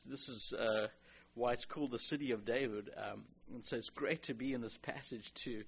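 A man's voice: medium pitch, fairly bright tone, slightly rough. A man from South Africa with a South African accent, teaching a Bible passage as a pastor in a chatty, digressive way with many restarts. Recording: dull lo-fi recording.

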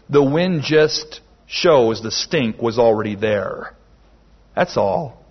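A man preaching a sermon slowly and emphatically, with dramatic pauses. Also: a little high, expressive. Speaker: pastor. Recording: dull lo-fi sermon recording.

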